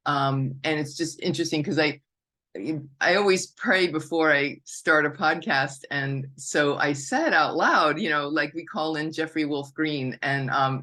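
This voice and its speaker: A woman's voice: low-pitched, measured pace, pushed and bright. A woman hosting a podcast, introducing her guest in an effusive, chatty and spiritual way. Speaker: podcast host.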